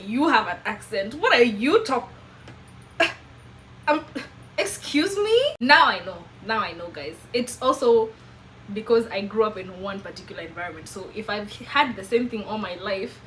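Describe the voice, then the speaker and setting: A young Kenyan woman with a Meru accent, whose first language is Kimeru, chatting casually to camera in an animated way and laughing often. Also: medium pitch, slight background noise, poor audio. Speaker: vlogger.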